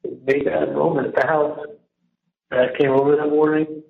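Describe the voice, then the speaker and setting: A man on a jail phone call, talking in a rambling, halting way that keeps restarting and repeating words. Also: fairly high pitch, little pitch movement, creaky. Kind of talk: casual phone conversation. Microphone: phone handset. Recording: tinny, echoey prison phone line.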